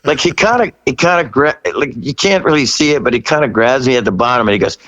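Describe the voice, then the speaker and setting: A man in his sixties, a rock singer as a guest, telling a story in a casual interview, laughing often and jumping high when he quotes himself. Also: lively intonation, fast talker, a bit bright, lo-fi sound.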